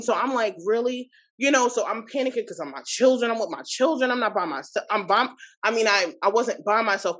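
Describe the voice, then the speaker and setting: A woman in her thirties, a podcast guest, recounting a personal experience in an animated, indignant way with many asides. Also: medium pitch, highs cut off. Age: 30s. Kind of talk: personal storytelling.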